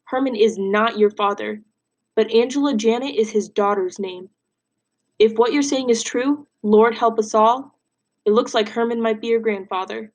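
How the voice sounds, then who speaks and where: A woman reading aloud as a calm, firm older man who questions a boy gently. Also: fairly high pitch, moderate pace, natural voice. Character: calm, steady older male bandleader.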